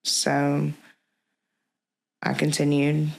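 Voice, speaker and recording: Gravelly woman, halting and reflective. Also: sits low, completely flat delivery. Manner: halting, reflective, with many pauses and restarts. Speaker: podcast guest. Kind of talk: personal storytelling in an interview.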